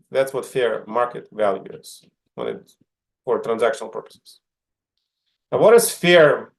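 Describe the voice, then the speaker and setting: A man's voice: medium pitch, creaky. A middle-aged man teaching an online class, asking the students questions and often checking in with "right?". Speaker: instructor.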